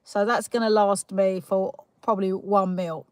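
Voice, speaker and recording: A chatty young British woman runs a relaxed livestream, giggling often, with a filler or a restart in almost every line. Her voice sits at an everyday middle pitch, and a faint hum of background noise runs underneath. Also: a little slow, low-quality recording. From United Kingdom. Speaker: livestream host. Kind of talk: casual live chat greeting viewers.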